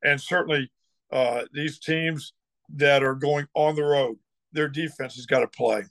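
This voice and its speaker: A man's voice: a little high, fairly even intonation, unhurried, creaky, fairly bright tone, no room sound. An older man who used to coach football, talking casually in an interview, rambling with lots of restarts and getting fired up as he tells stories. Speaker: former football coach, guest.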